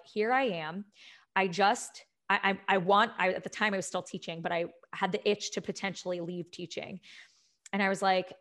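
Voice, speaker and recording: A woman's voice: medium pitch, fairly bright tone. Young woman telling her own story, candid and emotional, lots of um and like. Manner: candid, emotional, many fillers and restarts. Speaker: health and fitness coach. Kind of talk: personal story, casual talk.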